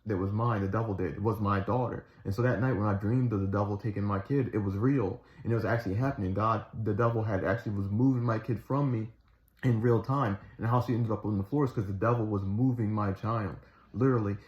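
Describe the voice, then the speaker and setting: A man with a somewhat low voice tells a personal testimony in a loose, casual way. He circles back, restarts and repeats himself earnestly. The recording sounds echoey and a little dull. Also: fairly even intonation, quick pace. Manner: rambling, restarts and fillers, earnest retelling. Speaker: Christian storyteller.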